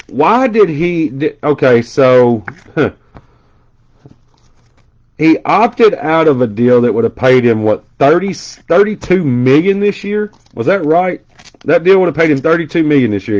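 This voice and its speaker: A man's voice: on the high side, a little mellow, muffled recording. A man hosting a card break on a casual live stream. He chats and tells stories as he rattles off card names.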